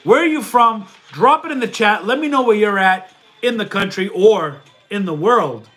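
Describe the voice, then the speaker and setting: A man's voice: high-pitched, animated, moderate pace, a bit bright. A man hosting a casual livestream, reading viewer questions aloud and answering them, with a stuffy nose. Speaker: livestream host and reseller.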